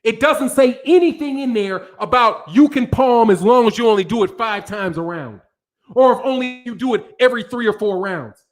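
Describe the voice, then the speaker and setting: Guy with a really high voice ranting mad and cussing nonstop at his chat. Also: lively intonation, moderate pace. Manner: angry, profane, repetitive. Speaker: boxing channel host. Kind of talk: profane ranting commentary to a live audience.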